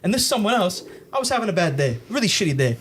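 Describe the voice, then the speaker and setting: A man's voice: high-pitched, big pitch swings, fast talker, fairly bright tone, a little hiss or hum. A young man hosting a podcast, telling rambling stories in casual chat, swearing often and laughing through his own punchlines. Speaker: podcast host.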